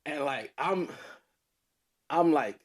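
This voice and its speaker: A man's voice: medium pitch, normal speed. Rambling man telling a story. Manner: rambling, repeats himself, many fillers. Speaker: podcast co-host. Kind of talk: casual storytelling chat.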